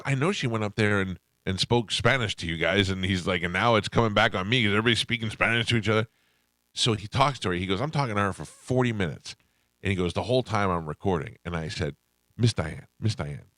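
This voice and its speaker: Male radio host, animated storyteller, low voice, dry close sound. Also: no room sound. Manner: animated, acts out quoted voices. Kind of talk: casual storytelling.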